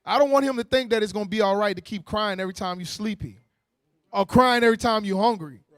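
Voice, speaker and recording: Man, preacher, sermon, very high voice, conversational, slangy, animated. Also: fast, no echo, clean studio sound. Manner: lively, conversational preaching with slang, frequent restarts and mock-voiced asides. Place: church meeting hall.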